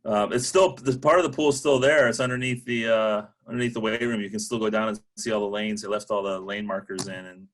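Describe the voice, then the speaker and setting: A man with a fairly low voice hosts a casual interview as the team's coach. He talks in a loose, joking way and lets sentences trail off. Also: steady tone, fast talker, few pauses. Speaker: head coach interviewing alumni.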